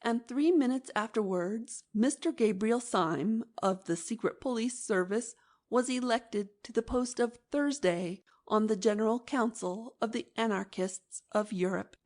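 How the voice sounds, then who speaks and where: A woman narrating a classic novel as an audiobook in a measured, expressive reading. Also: a little high. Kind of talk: scripted narration.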